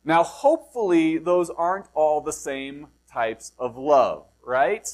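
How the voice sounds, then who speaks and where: A man's voice: on the high side, slow. A middle-aged man from the United States preaching a sermon in a conversational way, asking rhetorical questions. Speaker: pastor.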